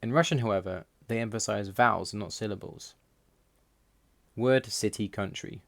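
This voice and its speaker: A man giving a scripted voice-over explanation, reading out word lists slowly and in a measured way. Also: lowish voice, creaky, dry recording. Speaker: language learner explaining Russian.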